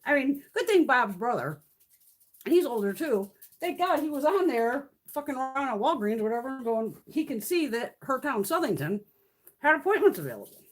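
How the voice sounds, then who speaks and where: With a high-pitched, very animated voice at normal speed, this woman in her 50s chats on her beauty live stream. Her talk is rambling and full of swearing and frequent laughter.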